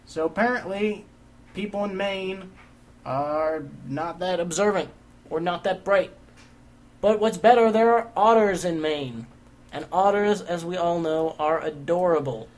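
A man's voice: high-pitched, unhurried. A man hosting a casual comedy chat show, wry and joking as he leads the segments. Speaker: podcast host.

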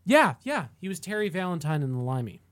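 A man co-hosting a podcast, chatting casually in a halting way, often repeating and restarting words. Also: a little high, very animated, a bit bright, no echo. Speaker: podcast co-host. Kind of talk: casual chat.

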